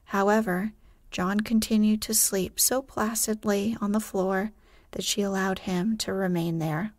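A woman narrating a sleep story in a gentle, hushed, breathy reading. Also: mid-range voice, fairly even intonation, a little slow, dry recording, studio quality.

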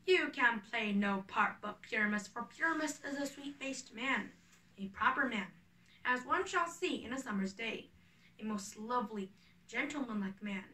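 Woman reading orderly male play director, calling out parts, slightly high voice, roomy echo. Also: animated, moderate pace, bright, forceful tone, far from the mic. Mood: bossy. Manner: orderly, reads out names and parts. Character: fussy male carpenter directing a village play. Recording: echoey room, away from the mic.

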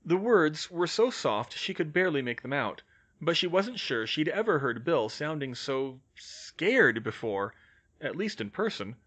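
Guy reading a story aloud, pitch moves around a lot, expressive. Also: unhurried, breathy edge. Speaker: reader. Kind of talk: audiobook narration of fan fiction.

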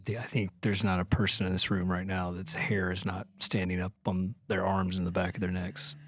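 A man's voice: low voice, flat delivery, a little fast, fairly bright tone. A man co-hosting a podcast, reacting with short affirmations.

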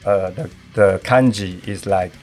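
Halting man with a Taiwanese accent. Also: deep voice, darkish tone, faint music behind. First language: Taiwanese Hokkien. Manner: halting, searching for words, many uh fillers. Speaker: podcast guest. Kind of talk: casual interview chat.

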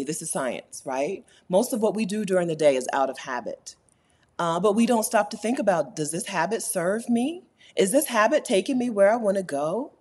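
A woman hosting a casual live stream, reading chat comments aloud, animated and laughing often, repeating her points for emphasis. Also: medium pitch, breathy edge. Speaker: YouTube host answering live chat.

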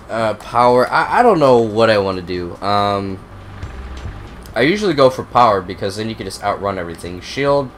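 A young man with a cold who coughs now and then, giving profane, excitable, rambling commentary on a racing game. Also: on the low side. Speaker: gaming video host. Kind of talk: casual gameplay commentary.

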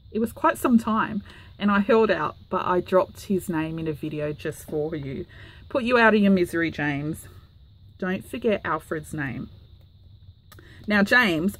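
An Australian woman hosting her craft channel, chatting casually to camera with lots of ums and little apologies. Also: medium pitch. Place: home craft room.

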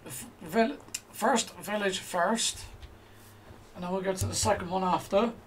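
A man's voice: high-pitched, a little slow, slight background noise. A man giving casual commentary as he plays a game, thinking aloud to himself. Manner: chatty, thinks aloud while playing. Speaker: let's play host.

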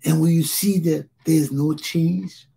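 A man's voice: on the high side, fairly even intonation, takes it slowly, gravelly, mellow, husky. A Liberian man hosting his own talk show, speaking in an impassioned solo monologue and repeating phrases for emphasis.

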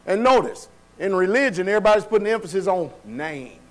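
A man with a high voice delivers a sermon in a church hall. He talks colloquially and keeps pulling the congregation in with call-and-response questions. He laughs between his points. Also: animated, brisk. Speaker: preacher.

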